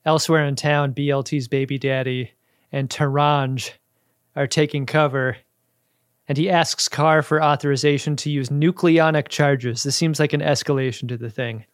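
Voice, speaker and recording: Wry man with a slightly high voice. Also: fairly even intonation, normal speed, dry recording, clean studio sound. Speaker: podcast co-host. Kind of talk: casual episode recap chat.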